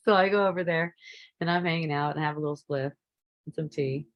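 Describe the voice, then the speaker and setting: A woman casually telling a personal story, relaxed and rambling, laughing often. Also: sits low, brisk, highs cut off. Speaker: spiritual teacher.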